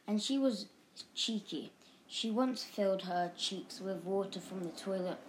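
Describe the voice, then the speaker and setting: A woman's voice: medium pitch, a little slow, a little hiss or hum, poor audio. Woman reading a storybook aloud. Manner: lively, expressive reading. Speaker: narrator.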